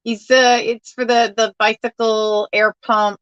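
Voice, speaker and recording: A woman's voice: a little high, level tone, measured pace, few pauses, dry recording, lo-fi sound. A woman chatting casually to viewers while sorting through a box of odds and ends, rambling and laughing at herself. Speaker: crafting vlogger. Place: at home.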